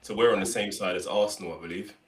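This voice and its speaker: A man's voice: sits low, steady tone, fast talker. A man co-hosting a football fan livestream, talking casually and bluntly about the draw. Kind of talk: casual live chat.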